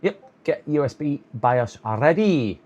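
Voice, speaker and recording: A man with a fairly high, a little mellow voice speaks slowly with lively intonation, and the audio is dull. Tired and sore-throated, he repairs a computer on a live stream, muttering to himself, chuckling, and coaxing hopefully in casual commentary.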